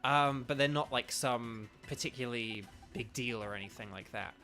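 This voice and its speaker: Bright, chatty streamer. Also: male voice, mid-range voice, normal speed, faint music behind. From United Kingdom. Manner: rambling, filler-heavy, chatty. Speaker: gaming streamer. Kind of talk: casual livestream chat while playing.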